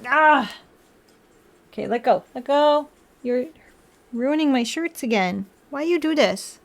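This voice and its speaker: A woman's voice: high-pitched, animated, slow, pauses often. A young woman livestreaming, chatting with viewers and talking baby talk to her cat. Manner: playful baby talk to a pet. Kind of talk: casual chat with chat and her cat.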